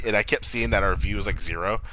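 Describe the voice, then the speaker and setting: Young male co-host, lowish bright voice, very animated, faint hiss. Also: fast talker. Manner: animated, swears a lot, laughs easily. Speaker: podcast co-host. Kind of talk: casual profane chat.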